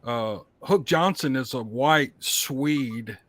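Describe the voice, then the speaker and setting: A man's voice: medium pitch, slow pace, a bit bright, no echo. A man chatting bluntly as a podcast guest, laughing often. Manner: blunt, laughing, plain-spoken. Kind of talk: casual podcast chat.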